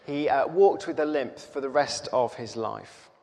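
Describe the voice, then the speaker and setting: A man preaching a sermon, telling a story slowly and thoughtfully, with pauses and fillers. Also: mid-range voice, creaky, a little mellow. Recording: reverberant hall.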